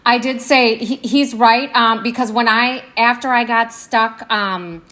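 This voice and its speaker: A woman's voice: fairly high pitch, fairly even intonation, measured pace, pushed and bright. A woman giving an interview, recounting an incident in a conversational way, with restarts and quoted speech. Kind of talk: recounting events while watching footage.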